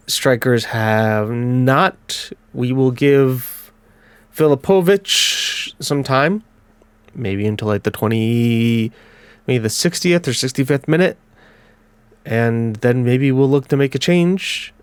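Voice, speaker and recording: A man with a blocked nose giving casual let's-play commentary on a football management game, calling the match in quick bursts. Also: mid-range voice, expressive, clear, resonant tone, dry recording. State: congested. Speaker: gaming commentator.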